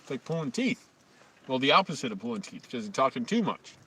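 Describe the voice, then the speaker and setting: A man's voice: medium pitch, big pitch swings, fast, a bit bright, husky, distant mic. A man with a scratchy voice live-streaming a rambling, amused running commentary outdoors in a park. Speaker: vlogger. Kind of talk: casual live-stream chat.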